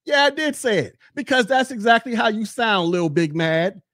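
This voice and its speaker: A man rants on his podcast, mocking a rival and coming back again and again to the same taunts. His voice sits high for a man. It is recorded close and dry, with no room sound. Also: moderate pace, fairly bright tone, dry recording. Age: 40s. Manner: mocking, heated, repeats taunts. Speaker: podcast host. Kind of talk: casual commentary rant.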